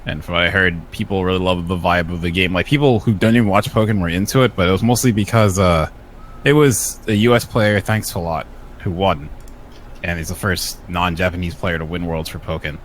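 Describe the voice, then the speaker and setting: A man on a casual podcast, recapping in a relaxed, rambling way. His voice sits fairly low, with a faint hiss of noise behind him. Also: a little fast. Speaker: podcast co-host.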